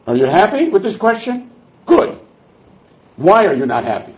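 A man leads a Talmud class with a high, lively voice that swings widely in pitch. He is sarcastic and quick to get exasperated, and he mixes Hebrew and Aramaic terms into his explanations. The recording sounds muffled and lo-fi. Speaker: Talmud teacher.

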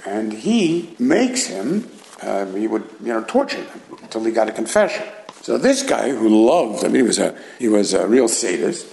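A man teaching a Talmud class translates Aramaic phrases line by line and acts out the story's characters with jumps in pitch. His voice is creaky and darkish with big pitch swings at normal speed, in a rough recording.

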